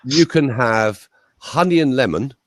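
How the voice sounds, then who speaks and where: A man's voice: mid-range voice, expressive, measured pace, no room sound, studio quality. A man, a voice coach telling chatty anecdotes as an interview guest. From England. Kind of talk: interview guest, conversational storytelling.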